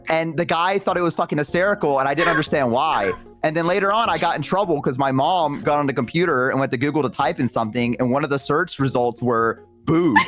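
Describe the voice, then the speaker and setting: A man telling stories casually and excitably, swearing freely and saying "like" a lot. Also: on the high side, quick pace, hardly any pauses, faint music behind. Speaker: streamer guest. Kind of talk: casual storytelling.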